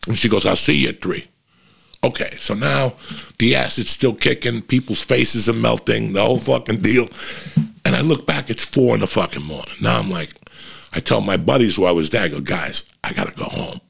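Gravelly, husky man telling a wild story. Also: a little fast. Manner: animated, swears constantly, jumps in pitch for emphasis. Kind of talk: profane casual storytelling.

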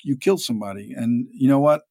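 A man's voice: mid-range voice, fast talker, vocal fry, breathy edge. A man telling rambling stories in a casual interview, acting out the people he quotes. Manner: rambling, animated, acts out quoted voices. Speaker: actor guest.

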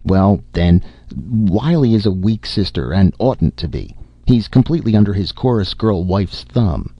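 A man reading the part of a gruff, teasing family doctor with folksy speech, in a deep voice. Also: sing-song, unhurried, no echo, highs cut off, heavily acted.

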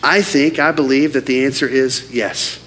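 A man's voice: mid-range voice, fairly even intonation, moderate pace, fairly bright tone. Earnest male pastor preaching in a hall. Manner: earnest, emphatic preaching with rhetorical questions. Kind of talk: sermon. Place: church auditorium. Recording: hall reverb, faint background noise.

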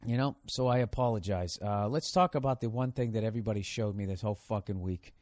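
A man's voice: fairly low pitch, quick pace, darkish tone, no room sound. A man hosting a solo podcast, rambling in a sarcastic, profanity-heavy rant. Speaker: podcast host.

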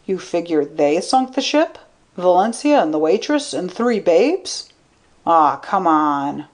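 A woman voicing a fat, brash man who talks in a loud, blunt drawl. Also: on the low side, big pitch swings, measured pace. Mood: baffled.

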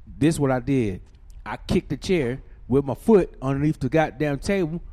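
A man telling a profane, ranting story, swinging from shouting to low muttering. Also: animated, moderate pace.

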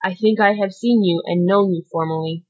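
A woman's voice: medium pitch, fairly quick, close to an everyday voice. A woman reading an audiobook, voicing a dying, desperate male criminal who speaks in a fervent, pleading way. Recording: dull lo-fi recording.

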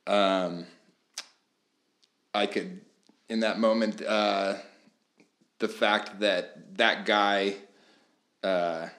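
A man hosting a podcast, telling a story in a relaxed, thoughtful way. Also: on the low side, drawn-out words, pauses often, roomy sound. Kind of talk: casual podcast chat.

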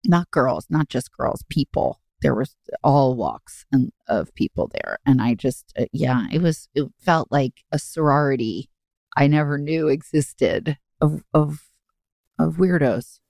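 A woman co-hosting a casual podcast, talking in an effusive, rambling way. Her voice sits low with a gravelly edge, and it rises and falls a lot. The sound is dry and close. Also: lively intonation, a little slow, darkish tone, dry recording. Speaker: podcast co-host. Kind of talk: casual chat.

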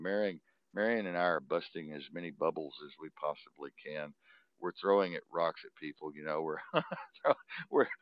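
Texan man, very low voice, rambling live-stream host who laughs a lot and keeps saying "you know"; dull, dry lo-fi audio. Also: no room sound. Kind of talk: casual rambling monologue.

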